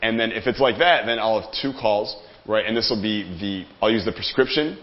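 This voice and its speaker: Energetic male sales coach teaching a room. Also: on the low side, fairly quick, muffled recording. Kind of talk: live workshop teaching. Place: seminar room with a live audience.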